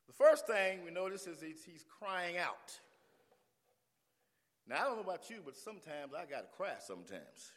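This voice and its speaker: A male pastor preaching a sermon, swinging from hushed lines to shouted refrains. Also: fairly high pitch, big pitch swings, moderate pace, in a large hall.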